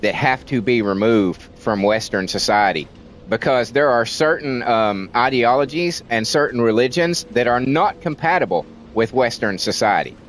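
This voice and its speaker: A man's voice: mid-range voice, expressive, moderate pace, slight background noise. A man from the United States, a livestreamer ranting in a heated, profane way and repeating words for emphasis. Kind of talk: casual ranting commentary on stream.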